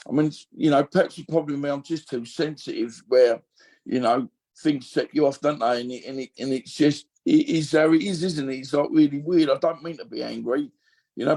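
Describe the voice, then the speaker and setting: A man's voice: fairly high pitch, creaky, a little mellow. A man in his fifties, a podcast guest speaking candidly and emotionally in a rambling, casual way. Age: 50s. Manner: rambling, emotional, full of you-knows.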